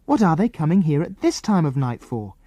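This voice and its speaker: A plucky young English girl, as a male storyteller puts her on, quick-witted and urgent, her lines pitched well above his normal voice. She is lively and earnest. The recording is dry and close. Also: no room sound. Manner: urgent, earnest, breathless pleading.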